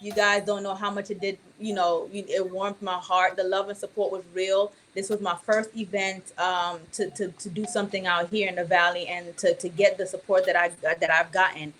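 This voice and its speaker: A woman's voice: mid-range voice, level tone, normal speed, hardly any pauses, a bit bright, slight background noise. A woman guest chatting casually in a radio interview, bubbly and laughing often, with frequent ums and restarts. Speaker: actress and author guest.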